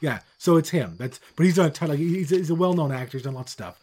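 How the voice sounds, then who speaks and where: A middle-aged man from with its holds forth in loose podcast chat. His voice is dark and mellow, and he rants bluntly, swearing freely as he goes. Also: a little high, animated, fast, husky. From Newfoundland, Canada. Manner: blunt, profane ranting. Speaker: podcast co-host. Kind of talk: casual chat.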